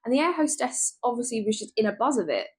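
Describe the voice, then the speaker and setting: A woman vlogger retelling a travel mishap in a lively, chatty storytelling way. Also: a little high, fast talker, slightly rough. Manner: lively, animated retelling with laughs and asides.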